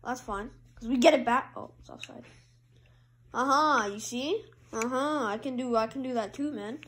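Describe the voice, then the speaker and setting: A woman with a high, bright voice calls her hockey video game as she plays. She talks casually through passes and shots, then bursts into loud cheers when a goal goes in. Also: moderate pace, slight background noise. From Canada. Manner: excitable play-by-play, jumps to loud high cheers at goals. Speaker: gamer. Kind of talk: commentating own hockey video game play.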